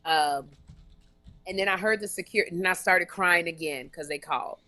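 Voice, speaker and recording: A woman co-hosting a comedy podcast live stream, telling a long story in an animated, run-on way with frequent restarts and blunt jokes. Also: lowish voice, moderate pace. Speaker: podcast co-host.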